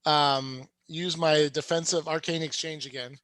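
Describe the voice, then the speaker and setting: Bright high-voiced cheeky man player. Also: steady tone, unhurried. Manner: cheeky, jokey. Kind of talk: tabletop game play.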